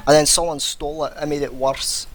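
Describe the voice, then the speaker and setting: A man's voice: on the high side, level tone, fairly quick, loud music behind the voice, rough recording. A Scottish man with an East Lothian accent chatting casually with friends, joking and teasing. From Scotland. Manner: jokey, teasing, bursts into silly sung bits. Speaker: friend in group voice chat. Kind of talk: casual chat.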